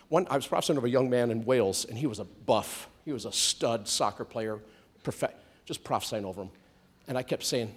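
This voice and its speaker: A man preaching a sermon to a church congregation, animated, swinging from loud comic outbursts to soft hushed storytelling. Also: mid-range voice, quick pace, husky.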